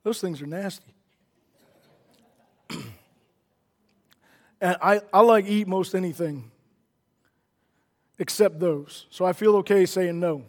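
High-voiced man preaching earnestly. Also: slow pace, pauses often, in a large hall. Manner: earnest, repeats words, builds to emphatic declarations. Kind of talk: sermon.

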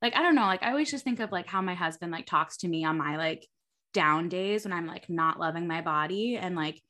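A woman's voice: on the low side, a little fast. A woman co-hosting a casual podcast, talking with constant "like" fillers. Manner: filler-heavy "like", animated. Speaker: podcast co-host.

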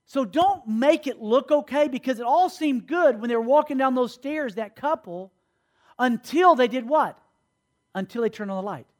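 This youth pastor's sermon comes in an extremely high male voice with lively intonation and a moderate pace. He narrates stories, performs the characters, and asks the group to answer back.

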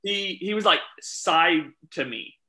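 Casting: man, referee storyteller, very bright voice, a little high, animated, quotes people. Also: slow pace, low-quality recording. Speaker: youth soccer referee. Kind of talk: casual chat, storytelling.

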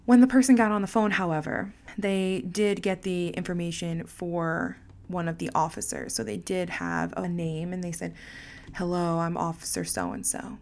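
A woman's voice: fairly low pitch, steady tone, normal speed, vocal fry, darkish tone. A young woman hosting a podcast, telling a personal story in a casual, frank way, swearing freely and laughing at herself.

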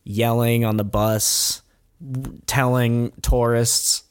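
A man's voice: medium pitch, takes it slowly, clean tone. A man casually retelling a documentary's story, swearing often and laughing as he talks. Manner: profane, laughing, animated retelling. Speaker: commentator recapping a documentary.

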